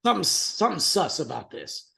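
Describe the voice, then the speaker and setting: A man co-hosting a relaxed podcast, telling an everyday story with lots of energy. His pitch jumps up when something amuses him, and he laughs often as he talks. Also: fairly quick, gravelly. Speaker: podcast co-host. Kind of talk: casual chat, telling a family story.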